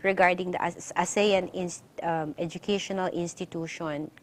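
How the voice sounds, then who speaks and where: This is a Filipino woman hosting a studio interview. Her voice sits a little low and moves quickly between Tagalog and English. A faint background hiss runs under her questions. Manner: energetic, quick code-switching questions. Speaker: TV news program host.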